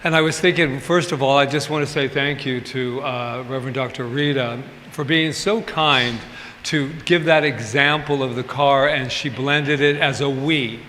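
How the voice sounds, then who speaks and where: A male pastor with a mid-range voice delivers an informal sermon at normal speed, chatty and candid, with humorous asides. His tone is steady yet sharp. The recording, made in a church sanctuary, has the reverb of a large hall and faint ambient noise.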